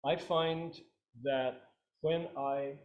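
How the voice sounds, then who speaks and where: A man teaching a meditation class, relaxed and joking, leading his students through chanted repetitions. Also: a little high, extremely slow, highs cut off. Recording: roomy, echoey room.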